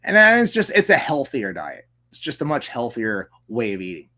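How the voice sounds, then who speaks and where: A man's voice: mid-range voice, huge pitch swings, moderate pace, sharp tone. Sarcastic, profane male political commentator. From Canada. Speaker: host. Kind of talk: political commentary reading news articles.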